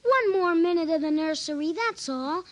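A woman's voice: very high voice, animated, normal speed, dry recording. An actress voicing a young boy who begs tearfully in an old radio drama. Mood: pleading. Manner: whiny, begging.

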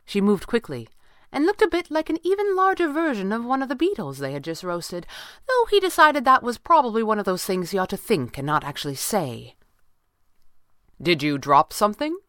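A woman narrating an adventure story in a steady, measured audiobook style. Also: fairly high pitch, dry recording, studio quality.

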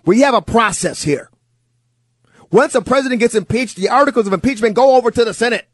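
A man's voice: extremely high pitch, a little fast, dry recording, studio quality. A man hosting talk radio, telling stories and delivering a conservative monologue with mocking asides. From United States. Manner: animated, storytelling, mocking asides. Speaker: fill-in radio talk host.

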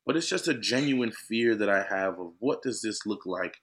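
Thirties male athlete co-host, low voice, animated and emphatic delivery. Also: normal speed. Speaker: podcast co-host, professional football player. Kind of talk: casual chat.

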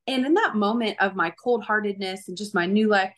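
A young woman shares her testimony in a mid-pitched voice. She speaks earnestly, animates the voices of people in her story, and laughs easily between thoughts. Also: brisk, hardly any pauses. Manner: earnest, laughs often, acts out quoted voices. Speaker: guest sharing her testimony. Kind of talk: conversational faith testimony.

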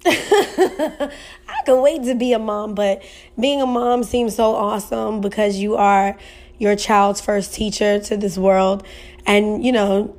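A woman's voice: medium pitch, a little mellow. A young woman hosts her podcast in casual chat. She reads listener messages aloud and talks through them in a loose, emotional way, laughing easily as she reacts. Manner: emotional, laughing, colloquial and chatty. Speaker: podcast host.

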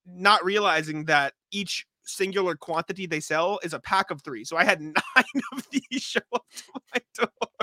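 A man's voice: high-pitched, moderate pace, hardly any pauses, pushed and bright, dry recording, clean studio sound. A young man co-hosting a podcast, chatting casually and laughing often as he tells stories. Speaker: podcast co-host. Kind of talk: casual chat.

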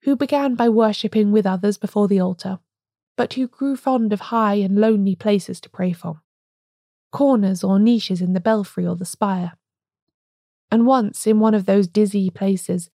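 A woman voicing a calm, grave old priest-detective in a storybook reading, speaking quietly and gently. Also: medium pitch, no room sound, clean studio sound, lightly acted.

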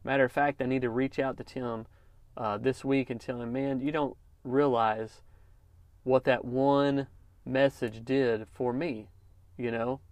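A man's voice: medium pitch, fairly even intonation, a little slow, darkish tone, no echo. Guy rambling through a story on his podcast, chill and encouraging, dry close mic. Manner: storytelling, encouraging, says "man" often. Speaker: podcast host, lawn care business owner. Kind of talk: casual motivational podcast talk.

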